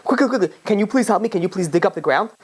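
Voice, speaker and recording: A man's voice: high-pitched, lively intonation, very fast, husky, pitched above the performer's own voice. A man voicing a dying, pleading tree. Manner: begging, repeating itself.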